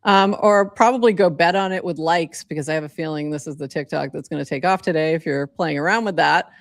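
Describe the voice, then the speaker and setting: A woman's voice: low-pitched, a little fast, dry recording, clean studio sound. A woman from southeastern Massachusetts co-hosting a podcast in casual chat, rambling and chatty with lots of fillers. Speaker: co-host.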